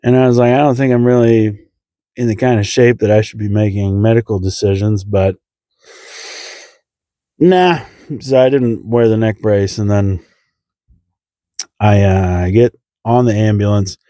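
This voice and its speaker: Self-mocking storytelling man, mellow dry voice. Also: no echo. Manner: self-deprecating, acts out voices with big pitch jumps. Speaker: comedian telling a story. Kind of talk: comedic storytelling.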